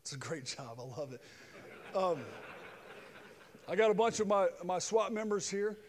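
Middle-aged male preacher, high-pitched, shifting between loud preaching and quiet jokes, with reverb from the church hall. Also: animated, normal speed, slight background noise. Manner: swings from shouted preaching to quiet joking asides. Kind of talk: sermon with personal stories. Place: church sanctuary with long reverb.

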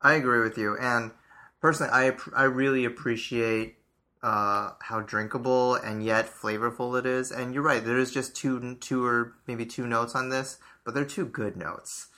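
A man in a relaxed tasting chat, describing a beer's flavors, often trailing off and restarting. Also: medium pitch, normal speed. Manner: easygoing, trails off, laughs easily. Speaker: beer taster.

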